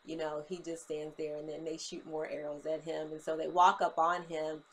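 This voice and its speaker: A woman with a slightly low voice runs through a TV episode recap in a relaxed, chatty way. She keeps stopping for asides and fillers, the way someone gossips with friends about a favorite show. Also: moderate pace, a little hiss or hum. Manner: gossipy and expressive, with many fillers like "you know" and "okay?".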